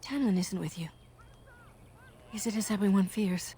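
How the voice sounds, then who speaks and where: A gentle, caring young woman. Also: medium pitch, moderate pace, breathy edge. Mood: concerned. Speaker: game character.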